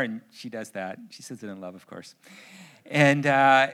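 A man's voice: medium pitch, unhurried, fairly bright tone, clean tone. A middle-aged Canadian man preaching a sermon in a conversational, humorous way that builds to emphatic urgency. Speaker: pastor.

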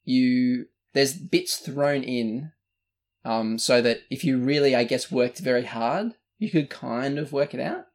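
A slightly slow, medium-pitched Australian man co-hosts a casual podcast, wandering through his take on a movie with lots of fillers and false starts.

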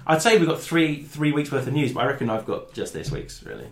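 A man's voice: mid-range voice, big pitch swings, quick pace. A man co-hosting a casual podcast, talking in an upbeat, chatty way. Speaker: podcast co-host. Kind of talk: casual chat. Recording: echoey room.

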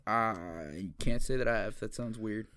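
A man's voice: on the low side, measured pace, fairly bright tone, clean tone, dry recording. Young man, podcast co-host, rambling profane chat, dry close sound. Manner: rambling, profane, restarts a lot. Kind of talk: casual chat.

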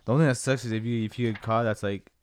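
A man's voice: mid-range voice, fairly even intonation, rapid-fire. A man chatting casually with short, laid-back replies that often stall and restart. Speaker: friend in conversation. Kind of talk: casual chat.

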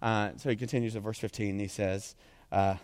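A man preaching as a pastor, telling the story with animated energy and tossing in frequent "right?" asides. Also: fairly low pitch, brisk, clear, resonant tone, long reverb tail. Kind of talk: sermon.

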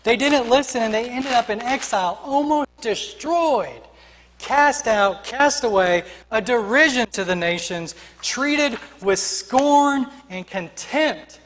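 A man's voice: very high-pitched, expressive, slow pace, fairly bright tone, long reverb tail. A man preaching a sermon as pastor, emphatic and rhythmic, building his points through repeated refrains.

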